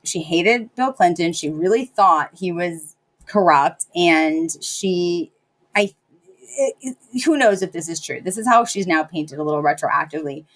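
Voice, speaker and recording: A woman's voice: on the low side, lively intonation, measured pace. A woman co-hosting a podcast in casual chat, talking in a chatty, self-interrupting way and laughing often. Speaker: podcast co-host.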